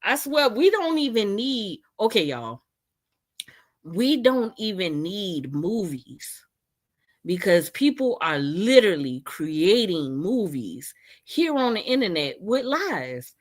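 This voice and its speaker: A young woman giving animated, incredulous casual commentary in a vlog, often laughing. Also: medium pitch, slow. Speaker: vlogger.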